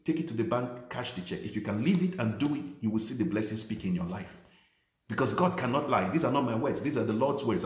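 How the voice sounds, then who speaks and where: A man's voice: on the low side, roomy sound. A man preaching as a pastor, emphatic and repetitive, pressing key phrases harder each time he repeats them. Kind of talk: livestreamed sermon.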